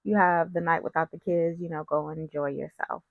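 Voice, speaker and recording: A woman talks through a soap recap in a low, gravelly voice, taking her time. She is chatty and opinionated and keeps wandering into side remarks. The sound is dry and close. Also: fairly even intonation, brisk, no echo, narrow, tinny audio. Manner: chatty, opinionated, digresses often. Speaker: soap opera recap host. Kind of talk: casual recap commentary.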